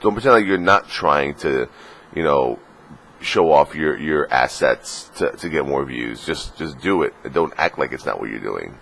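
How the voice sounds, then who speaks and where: Very deep and expressive, with vocal fry and a fairly bright tone, this man's voice moves a little slowly through a casual morning vlog rant. Freshly awake and a bit sniffly, he rambles, jokes crudely, leans on fillers, and drops into mocking put-on voices, with slight background noise behind him.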